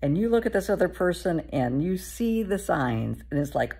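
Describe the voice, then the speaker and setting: A middle-aged woman therapist giving a motivational talk, speaking softly and often half-whispering, calling the listener honey. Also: fairly low pitch, lively intonation, moderate pace, gravelly, few pauses, husky.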